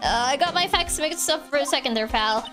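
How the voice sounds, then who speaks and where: A scruffy, blustery police detective from a video game, put on by a woman reading aloud, dropping her voice into a gruff, street-talking growl. Game music plays behind. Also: high-pitched, expressive, fairly quick.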